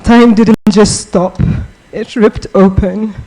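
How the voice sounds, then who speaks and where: A mourner giving a funeral eulogy in a slow, measured, grieving way. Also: medium pitch, fairly even intonation, mellow, poor audio.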